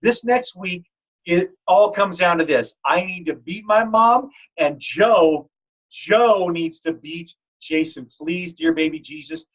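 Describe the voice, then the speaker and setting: A man hosting a fantasy football league podcast, telling stories in a joking, animated way. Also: high-pitched, slow pace. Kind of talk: casual podcast chat. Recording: dull lo-fi audio.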